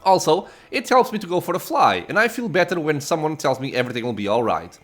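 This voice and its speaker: A chatty young dragon girl brags and chirps her advice with a swooping, lively voice, as a man reads her game lines. She sounds playful and pleased with herself, and the voice sits a little high. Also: fast, soft background music. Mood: chirpy. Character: cheerful young female dragon child. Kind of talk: reading game dialogue aloud.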